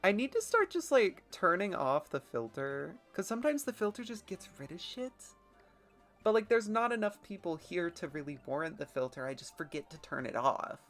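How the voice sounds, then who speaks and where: A woman's voice: fairly low pitch, sing-song, moderate pace, faint music behind. A woman streaming a game, chatting casually in a rambling, self-deprecating way and swearing now and then. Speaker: let's play streamer. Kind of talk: casual gameplay commentary.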